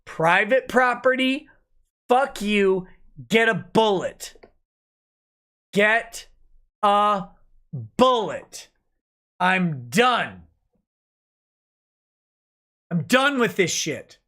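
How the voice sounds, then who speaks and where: A man's voice: high-pitched, lively intonation, drawn-out words, long pauses, bright, forceful tone. A drunk man hosting a late-night livestream, ranting angrily and swearing a lot. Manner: angry, profane ranting. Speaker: livestream host.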